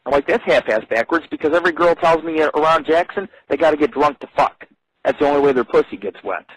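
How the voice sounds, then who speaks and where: A man's voice: fairly high pitch, fast, slightly rough, no echo, poor audio. A man hosting a live radio show, telling crude, rambling stories full of swearing. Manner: profane, swears constantly, rambling.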